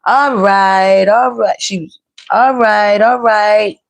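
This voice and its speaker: A woman's voice: medium pitch, fairly even intonation, slow pace. A woman hosting a commentary video who stresses her points by repeating phrases. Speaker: tarot and celebrity commentary host. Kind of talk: commentary over played clips.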